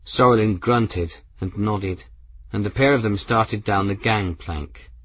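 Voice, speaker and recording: A man giving scripted narration of an audiobook in an even storytelling manner. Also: fairly low pitch, slow, slightly rough.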